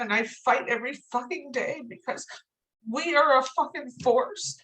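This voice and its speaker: A woman's voice: sits high, moderate pace, a bit bright, low-quality recording. A woman leading a drug users' organization, crying as she speaks with heartfelt thanks on a video call, swearing freely. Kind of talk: emotional video call remarks.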